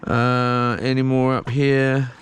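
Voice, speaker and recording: A man's voice: medium pitch, flat delivery, slow, a little hiss or hum. A man chatting to himself while tidying his boat on a live stream, rambling and swearing as he goes. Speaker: solo boat vlogger. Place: small houseboat on the water.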